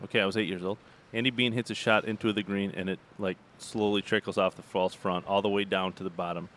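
A man in his forties, a former caddie, telling a lively golf story on a podcast and laughing along. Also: sits low, fast. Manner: animated storyteller, laughing as he tells.

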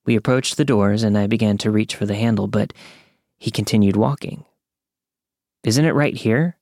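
A young man calmly narrating a true scary story from a script. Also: on the low side, dry recording, clean studio sound. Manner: calm, measured storytelling.

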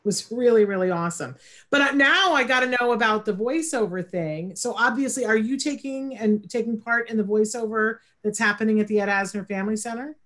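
A woman's voice: on the high side, fairly quick, a bit bright. Effusive woman host interviewing a guest. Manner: enthusiastic, effusive praise. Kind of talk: casual interview.

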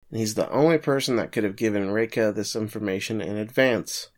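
A man's voice: on the low side, darkish tone. A man co-hosting a podcast, casually recapping an anime episode with frequent chuckles. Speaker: podcast co-host.

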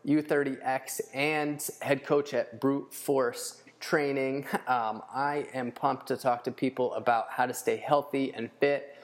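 A man's voice: medium pitch, fairly even intonation, a little slow, hardly any pauses. A man hosting a podcast in casual chat, loose and profane with plenty of fillers. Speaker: podcast host.

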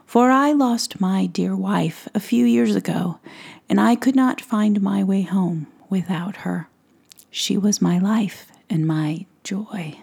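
A woman whispering as a gentle widowed woodsman. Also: mid-range voice, animated, takes it slowly, creaky, slightly rough, heavily acted. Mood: tender. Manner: gentle, courteous, earnest. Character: kind widowed woodsman, gentle middle-aged man. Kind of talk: whispered role-play.

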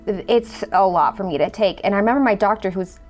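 A woman's voice: medium pitch, a little fast, soft background music. A woman telling her own story in a conversational way, acting out the dialogue she quotes. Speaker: storyteller guest. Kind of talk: personal storytelling.

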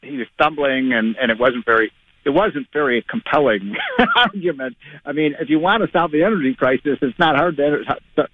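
A man's voice: medium pitch, expressive, fairly quick, a little hiss or hum. A man calling in as an economist guest, chatty and light in tone. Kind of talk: phone interview. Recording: phone line.

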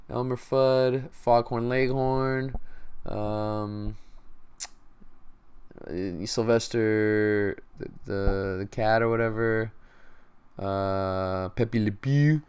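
A man's voice: fairly low pitch, a little mellow, clean tone. A young man hosting a casual sports podcast, laid-back and slangy, thinking aloud with lots of fillers. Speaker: podcast host.

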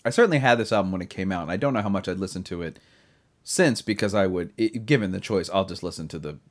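A man's voice: low-pitched, expressive, quick pace. A man hosting a casual chat, talking in long rambling runs full of restarts and asides. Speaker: podcast host.

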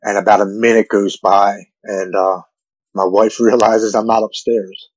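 Earnest man in his forties, low voice. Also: flat delivery, husky, no echo, muffled recording. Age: 40s. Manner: earnest, halting, repeats words when moved. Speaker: guest telling his recovery story. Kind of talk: emotional personal storytelling.

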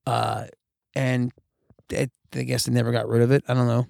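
A man's voice: medium pitch, little pitch movement, normal speed, vocal fry, darkish tone, no echo. A man co-hosting a podcast, rambling through movie talk with frequent laughs and restarts. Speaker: podcast co-host. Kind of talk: casual chat.

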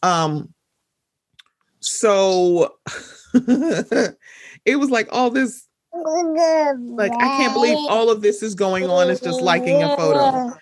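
A woman's voice: on the high side, animated, slow pace, long pauses, dry recording. A young woman chatting casually as a podcast co-host, acting out her own reactions in quoted asides. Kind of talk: casual chat.

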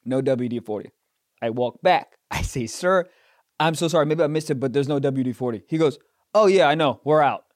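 A man on a podcast telling a comic story in casual chat, swearing and rising to loud, indignant outbursts. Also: mid-range voice, brisk, no room sound. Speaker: podcast host.

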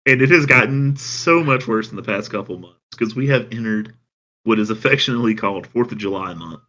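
A man with a Southern American accent, chatting casually as a podcast co-host and telling things in a dry, deadpan way. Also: on the low side. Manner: dry, deadpan storytelling with drawn-out phrases. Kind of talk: casual chat. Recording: dull lo-fi sound.

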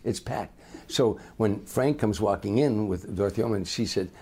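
An older man, a comedian, telling lively anecdotes in an interview and acting out the people in them. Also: lowish voice, normal speed, slightly rough. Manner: animated raconteur, acts out voices. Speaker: comedian guest.

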